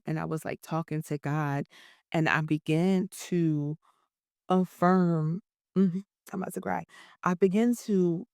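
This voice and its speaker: A young woman speaking earnestly and emotionally in a personal vlog. Her voice sits low and has a gravelly fry. The sound is dry and close. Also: a little mellow, no room sound. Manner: earnest, emotional, self-affirming. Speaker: vlogger.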